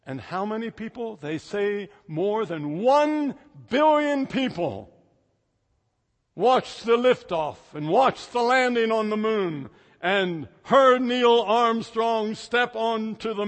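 A pastor in his sixties preaching a sermon, telling stories with sudden swings between loud and soft. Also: high voice, lively intonation, slow. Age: 60s. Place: church sanctuary. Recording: echoey church hall.

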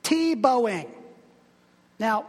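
High-voiced male pastor preaching. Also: expressive, very slow, long reverb tail. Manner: conversational, humorous preaching with asides. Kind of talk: sermon.

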